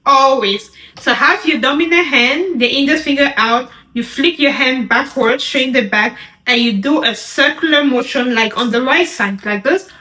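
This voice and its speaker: A woman teaching sign language, naming each sign and repeating it slowly as she demonstrates. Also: high voice, sharp tone, reverberant.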